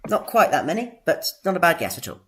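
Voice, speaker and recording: A man hosting a podcast quiz in a playful game-show manner, drawing out announcements and squeaking out jingle noises. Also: wildly swooping pitch, a bit bright. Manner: theatrical, drawn-out announcements with sudden high-pitched jingles. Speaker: podcast host running a quiz.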